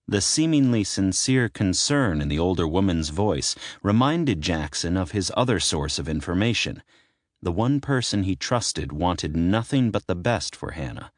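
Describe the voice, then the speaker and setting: A man narrating a dark romance audiobook in a measured, dramatic reading. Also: low-pitched, very animated, no room sound, studio quality. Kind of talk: scripted narration.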